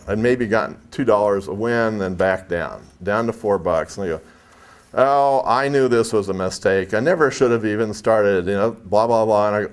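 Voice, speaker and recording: In a lowish voice, a speaker from San Jose, California entertains a live spiritual expo crowd with a conversational anecdote, performing each line of dialogue.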